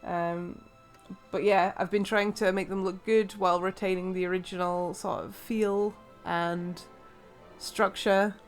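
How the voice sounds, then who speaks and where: A woman's voice: medium pitch, level tone, measured pace, soft background music. An English woman giving casual, rambling commentary while playing a video game. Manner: chatty, rambling, many fillers and laughs. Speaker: let's play host.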